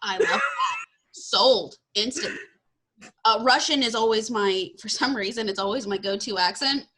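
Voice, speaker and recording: A woman's voice: a little high, animated, normal speed, fairly bright tone, a little hiss or hum. A woman in her twenties from Texas hosting a podcast, chatting casually and laughing often at herself. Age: 20s. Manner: bubbly, laughs often, self-deprecating. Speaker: podcast host. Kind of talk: casual interview chat.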